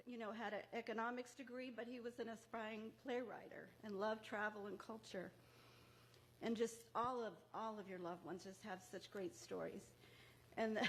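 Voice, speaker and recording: Close to tears, a grieving mother addresses a museum memorial ceremony as a guest speaker, her words earnest and full of feeling. Her voice sits a little high, with a faint hiss or hum on the recording, and the setting is the museum's event room.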